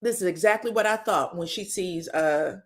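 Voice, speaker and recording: A woman's voice: lowish voice, normal speed. A woman hosting a casual reality TV recap, frank and profane, calling listeners baby and girl. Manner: animated, breaks into stutters and outbursts. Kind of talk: casual gossip commentary.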